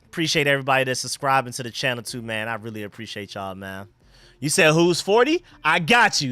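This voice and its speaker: A man hosting a casual live football stream, chatting excitedly with viewers and reacting to plays. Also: medium pitch, brisk, no room sound. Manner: excited, chatty, talks to chat and his dogs. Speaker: livestream host.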